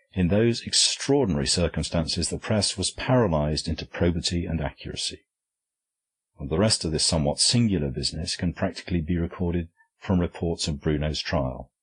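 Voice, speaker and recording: A man reads an audiobook in a steady, even storytelling manner. His voice sits deep and low, with a husky grain to it throughout. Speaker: audiobook narrator. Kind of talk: scripted audiobook narration.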